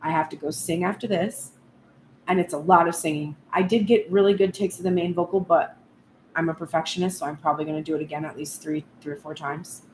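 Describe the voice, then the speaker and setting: A woman's voice: sits low, steady tone, fairly quick, darkish tone. A woman tarot reader speaking reflectively and earnestly at length in a spoken tarot reading vlog. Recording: echoey room with faint background noise.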